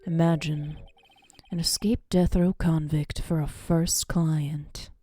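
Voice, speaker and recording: A woman voicing an earnest young female defense attorney in a soft, hushed reading. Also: medium pitch, a little slow, dry recording, natural voice.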